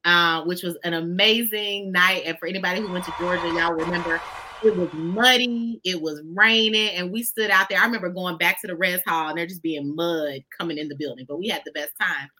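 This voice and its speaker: A woman guest on a talk show, telling stories in an expressive, folksy way and often addressing listeners directly. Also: lowish voice, brisk. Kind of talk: conversational storytelling.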